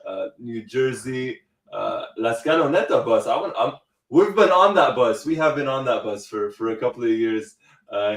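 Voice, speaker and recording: A man's voice: mid-range voice, far from the mic. Man, show host, elated, laughing, live stream, echoey room, off-mic. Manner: laughing, elated, reading out viewer locations. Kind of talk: excited live-stream chat. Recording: roomy echo, a bit off-mic.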